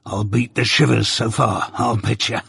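Gravelly convict, gruff and wary, man putting him on, dry sound. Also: mid-range voice, flat delivery, normal speed, fairly bright tone, no echo, heavily acted. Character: rough old male convict, gruff, wary, hungry.

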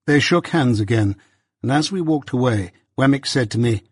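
A man reading an audiobook in a measured, unhurried way. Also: medium pitch, lively intonation, breathy edge, no room sound. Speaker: audiobook narrator. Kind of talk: scripted narration. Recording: dry close audiobook recording.

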